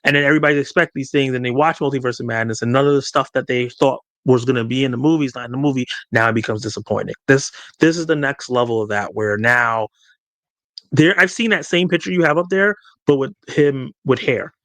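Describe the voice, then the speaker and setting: A man co-hosting a casual podcast chat, animated and quick to act out the reactions he describes. His voice sits at a middle pitch. The sound is dry and close. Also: no room sound. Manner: animated, acts out quoted reactions. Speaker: podcast co-host. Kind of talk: casual discussion.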